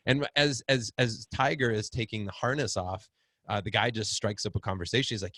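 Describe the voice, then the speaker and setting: A middle-aged man telling a story in casual conversation, acting out quotes with big swings in pitch. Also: fairly quick, no room sound. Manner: animated, acts out quotes with big pitch jumps. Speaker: podcast guest, fatherhood group founder.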